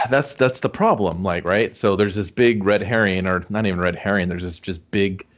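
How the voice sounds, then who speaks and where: A man with a fairly low voice co-hosts a loose movie review podcast. He rambles through his points, swears often and breaks into laughter. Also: normal speed. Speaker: podcast co-host. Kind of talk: casual movie review chat.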